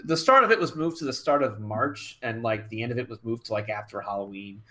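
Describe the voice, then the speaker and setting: Man co-hosting a podcast, casual chat, rambling, restarts sentences, mid-pitched voice. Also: fairly quick, bright, forceful tone. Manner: rambling, repeats words, many fillers. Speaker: podcast co-host.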